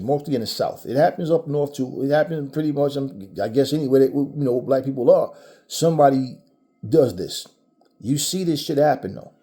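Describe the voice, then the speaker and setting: Blunt, profane man ranting with a mellow tone. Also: medium pitch. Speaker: vlogger. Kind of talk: ranting commentary monologue.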